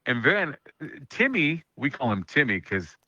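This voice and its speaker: A man hosting a radio talk show, spinning jokey stories with quick asides. His voice is bright and lively, recorded dry and close. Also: mid-range voice, no echo, lo-fi sound. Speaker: radio host. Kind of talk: casual storytelling chat.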